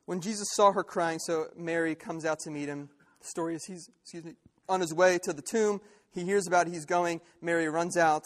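A man's voice: on the high side, steady tone, fairly quick, fairly bright tone. A man preaching a sermon in an earnest, conversational way.

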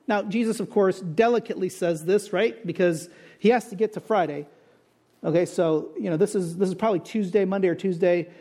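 Male pastor, very high-pitched, lively expository sermon with rhetorical questions. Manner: animated, conversational, rhetorical questions.

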